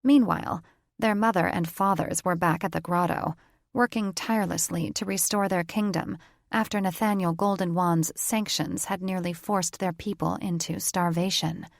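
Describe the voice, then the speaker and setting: A woman narrating a fantasy audiobook in a measured, even reading. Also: lowish voice, vocal fry, no echo, clean studio sound. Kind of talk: scripted narration.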